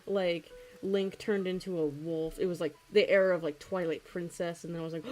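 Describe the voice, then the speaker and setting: A woman's voice: fairly low pitch, steady tone, moderate pace, few pauses, darkish tone. A woman in her twenties, chatting casually and rambling with many fillers and frequent giggles while she draws on a stream. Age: 20s. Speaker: streaming artist. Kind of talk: casual chat while drawing.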